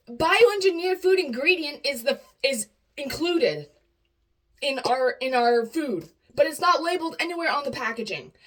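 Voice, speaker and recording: Young woman, high voice, indignant blunt rant to camera. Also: rough recording. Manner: indignant, blunt, swears freely.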